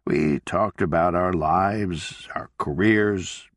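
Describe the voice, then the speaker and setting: A man's voice: deep voice, slow pace, no room sound. A man voicing an elderly husband who speaks in a hesitant, reflective way. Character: elderly husband, thoughtful and wry.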